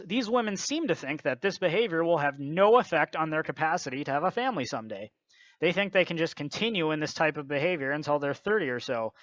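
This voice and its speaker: A man's voice: fairly high pitch, a bit bright, dry recording. A man with a slightly raised voice lectures bluntly through scripted commentary. The sound is dull and dry, with no room around it. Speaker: video commentator.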